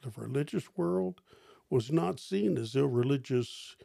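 Gravelly older man telling stories. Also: measured pace, no room sound. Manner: animated storyteller, jumps high for quoted lines. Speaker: pastor. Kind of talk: storytelling interview.

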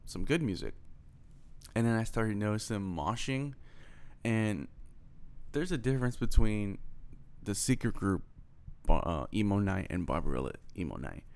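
A young man from Houston tells a loose, profane story in a casual monologue and acts out the voices of everyone in it. His voice sits a little low and has a gravelly, fry-laden texture. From Houston, Texas. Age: young adult. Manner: rambling, profane, animated retelling with quoted dialogue.

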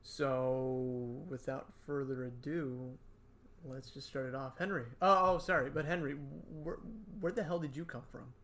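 Joking young podcast host. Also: male voice, steady tone, a little slow, fairly bright tone, a little hiss or hum. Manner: joking, drops into a low reading voice. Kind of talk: casual podcast banter.

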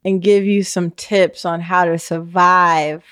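A woman's voice: fairly low pitch, flat delivery, takes it slowly, fairly bright tone, smooth, no room sound, studio quality. A woman co-hosting a podcast, giving playful advice in numbered tips and calling the listener "sis". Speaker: podcast co-host. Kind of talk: casual chat.

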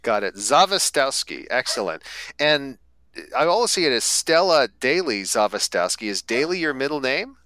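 Lively, bright-voiced male podcast host. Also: medium pitch, moderate pace, dry recording, rough recording. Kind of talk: podcast interview.

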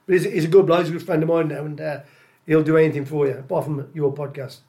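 An older man, a former footballer telling casual, animated stories as a podcast guest, repeating phrases often. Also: fairly high pitch, fast. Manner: animated, repeats phrases, lots of uh and you know what I mean. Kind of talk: casual anecdotal storytelling.

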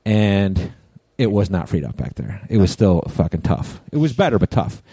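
Male podcast co-host, low mellow voice, profane animated storyteller. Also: moderate pace, slightly rough, no echo. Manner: profane, animated storyteller acting out both sides of a quarrel. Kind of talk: casual storytelling chat.

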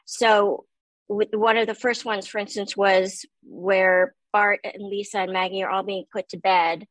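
A woman's voice: mid-range voice, no room sound, rough recording. Nasal, youthful-sounding woman telling stories. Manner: lively storyteller, self-deprecating, quick asides. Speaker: voice actor guest. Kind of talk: casual interview chat.

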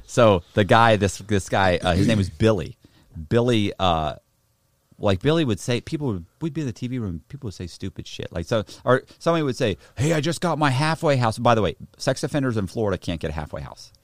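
Animated, profane man telling a story. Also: fairly low pitch, a little fast, no room sound. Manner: profane, animated, acts out other people's voices. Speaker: guest telling a prison story. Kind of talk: casual storytelling chat.

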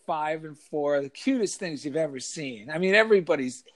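A man telling an animated story in a casual chat, acting out the voices of kids and of himself. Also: fairly high pitch, normal speed. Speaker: author and guest.

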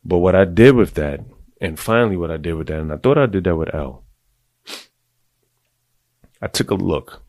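A deep-voiced middle-aged man hosting a podcast, giving blunt, profane, confessional advice to other men in a casual monologue. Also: animated, normal speed, long pauses, darkish tone, no echo. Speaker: podcast host.

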